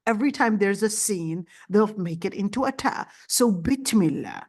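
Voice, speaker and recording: A woman teaching a Quran commentary lesson, explaining slowly and often repeating words with fillers. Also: medium pitch, expressive. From Palestinian family. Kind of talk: classroom lecture.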